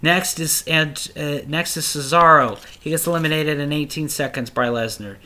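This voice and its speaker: A young man hosting a solo podcast, reviewing in a casual, rambling way, excitable and full of swearing. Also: a little high, moderate pace. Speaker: podcast host.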